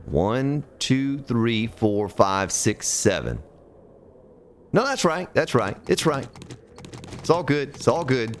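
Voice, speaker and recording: A man's voice: mid-range voice, very animated, takes it slowly, long pauses, slight background noise. A man streaming a building game, counting blocks aloud, chatting with viewers and grumbling at the game as he plays. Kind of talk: casual live-stream gameplay commentary.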